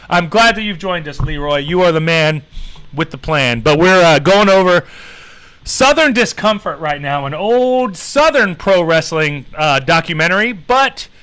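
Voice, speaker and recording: Bright-voiced man hosting a casual stream. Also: fairly high pitch, clean tone, poor audio. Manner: rambling, swears freely, greets chat viewers. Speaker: livestream host. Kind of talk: casual chat reacting to a documentary.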